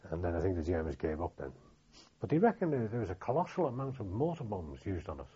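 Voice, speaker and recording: Older Liverpool man, husky and low. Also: sing-song, warm tone. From Liverpool, England. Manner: halting, many restarts and fillers, plain-spoken. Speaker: veteran interviewee. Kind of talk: oral history recollection. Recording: dull lo-fi recording.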